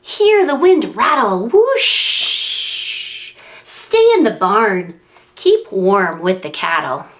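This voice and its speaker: A woman librarian reading a picture book aloud to preschoolers, animated and sing-song, making animal and wind sounds as she goes. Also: mid-range voice, slow. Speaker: children's librarian.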